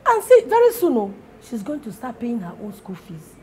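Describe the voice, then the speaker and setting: A woman's voice: a little high, huge pitch swings, normal speed, reverberant, a little hiss or hum, poor audio. A woman playing a scheming mother who dotes on one daughter. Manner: scheming, reassuring her favored daughter. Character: scheming mother, doting and harsh. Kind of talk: film drama acting.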